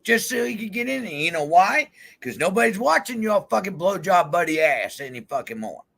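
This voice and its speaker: A man's voice: high-pitched, big pitch swings, fairly quick, creaky, a bit bright. A man on a vlog in a heated, swear-filled rant, calling people out directly. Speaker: YouTube vlogger. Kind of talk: angry profane rant to camera. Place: van.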